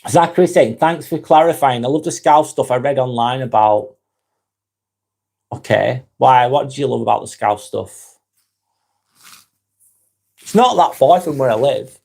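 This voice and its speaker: A man with a Lancashire accent talks to his viewers on a live stream, his voice sitting at an ordinary middle pitch. He reads out their comments and chuckles along with them. His manner is gentle and reflective throughout. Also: expressive, unhurried, vocal fry, long pauses. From Northwest England.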